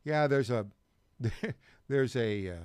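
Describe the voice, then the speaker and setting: A man's voice: mid-range voice, slow, darkish tone, smooth, no echo. A man hosting a talk radio show from a studio, running through a news rundown with sarcastic asides.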